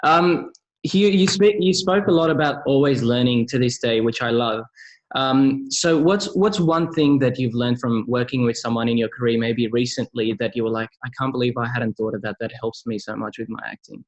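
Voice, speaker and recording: A man's voice: mid-range voice, moderate pace, low-quality recording. A man, an acting student, eagerly and a little hesitantly asking a question over a video call. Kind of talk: audience question in an interview.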